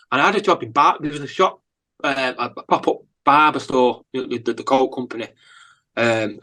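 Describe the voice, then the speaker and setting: A man with a northern English accent talks through a long anecdote in a relaxed interview, his voice sitting at an ordinary middle pitch. He rambles, doubles back, and packs in fillers as he acts out bits of the story. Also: low-quality recording. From England. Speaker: musician guest.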